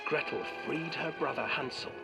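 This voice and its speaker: A man reading a dark fairy tale as scripted narration in a game, in a hushed, ominous storytelling manner. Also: mid-range voice, moderate pace, creaky, poor audio. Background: game music.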